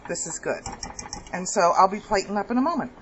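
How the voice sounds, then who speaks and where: A woman's voice: medium pitch, lively intonation, fairly quick, noisy background. A woman hosting a home cooking video, chatting casually and laughing at her own kitchen mistakes. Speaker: cooking vlog host.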